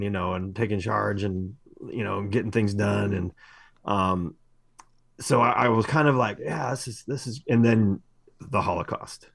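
A man's voice: fairly low pitch, vocal fry, no echo. A middle-aged man co-hosting a podcast, telling long rambling stories with many fillers and restarts. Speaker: podcast co-host. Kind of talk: casual podcast chat.

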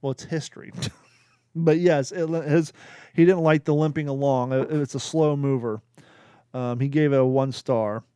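A man's voice: mid-range voice, fairly even intonation, moderate pace, warm tone, clear, resonant tone, no echo. Chatty man host with a dry sound. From Kentucky. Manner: chatty, laughs at his own jokes. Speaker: podcast host. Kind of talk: casual chat, reading reviews aloud.

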